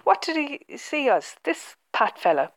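A woman's voice: high voice, sing-song, a little slow, no room sound, pitched above the performer's own voice, exaggerated voice. A woman reading the part of a kindly, teasing farmer father in a children's storybook. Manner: teasing, good-humoured. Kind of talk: storybook read-aloud.

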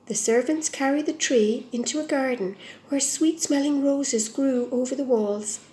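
A woman reading a fairy tale aloud in a gentle, measured storybook manner. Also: high-pitched, reverberant, slight background noise.

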